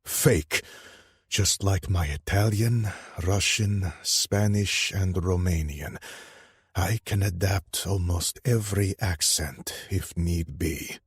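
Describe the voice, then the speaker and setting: Deep-voiced guy doing calm sly young guy in his 30s, husky, slow and even. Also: no room sound, full character voice. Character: calm secretive young man, smirking half-brother.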